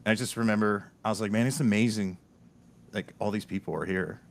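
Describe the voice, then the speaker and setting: Animated storytelling podcast host, a man. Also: fairly low pitch, fairly quick, vocal fry. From Delaware, US Northeast. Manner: animated storyteller, laughs often, many restarts. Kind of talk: casual podcast chat.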